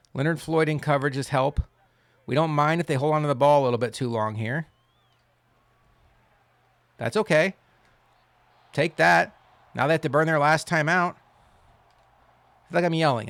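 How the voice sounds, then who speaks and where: A man giving casual commentary while playing a football video game, wry and quick to complain, then cheering loudly on big plays. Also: fairly high pitch, gravelly, no room sound. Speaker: gaming channel host.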